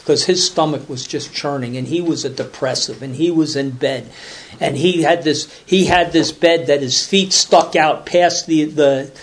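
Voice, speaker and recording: A man's voice: fairly high pitch, a little slow. A man telling a story at a recovery meeting in casual, rambling talk, repeating words and acting out voices as he goes.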